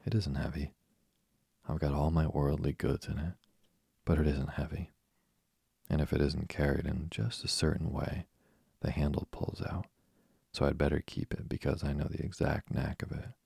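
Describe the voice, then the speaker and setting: A man reading aloud as a talkative, imaginative young orphan girl, in his own very deep voice. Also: flat delivery, normal speed, gravelly, warm tone, slightly rough, no echo, studio quality, full character voice. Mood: eager. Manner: breathless eager chatter. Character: chatty imaginative orphan girl, about eleven.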